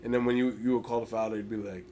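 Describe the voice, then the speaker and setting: A young man on a podcast, telling stories in casual chat with lots of filler words and animated retelling. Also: on the low side, quick pace, slight background noise. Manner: animated storyteller, heavy "like" filler. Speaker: podcast guest.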